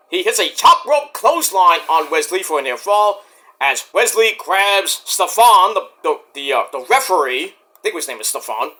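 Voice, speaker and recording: A man recaps a wrestling show in a loose, profane vlog style, wandering off on tangents along the way. His voice sits high and bright, and it bounces up and down with plenty of energy. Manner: rambling, profane and digressive. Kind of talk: casual review vlog.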